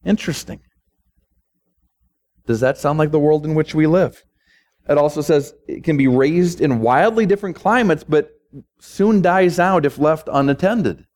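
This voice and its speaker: A man's voice: fairly high pitch, normal speed, a little mellow. Man preaching with emphatic repetition. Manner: emphatic, repetitive rhetorical build-ups. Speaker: pastor. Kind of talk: sermon.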